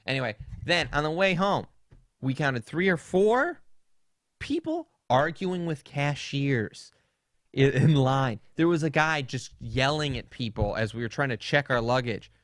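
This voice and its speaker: A man's voice: medium pitch, expressive, unhurried, a bit bright, dry recording, clean studio sound. A young man co-hosting a podcast, rambling through funny stories in casual chat and laughing often. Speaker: podcast co-host.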